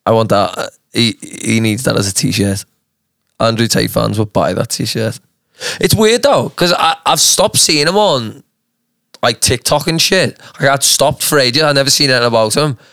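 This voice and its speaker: A man's voice: medium pitch, normal speed, vocal fry, a bit bright, dry recording, clean studio sound. A young man with a Manchester accent, co-hosting a podcast in casual, crude, joking banter. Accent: Mancunian English. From England. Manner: crude, joking, laughs a lot. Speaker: podcast co-host.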